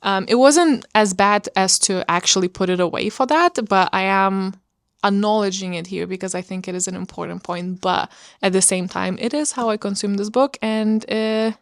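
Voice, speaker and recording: A woman's voice: mid-range voice, moderate pace, no room sound. A woman vlogger talking casually about books, chatty and rambling with lots of fillers. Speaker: book vlogger. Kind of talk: casual chat.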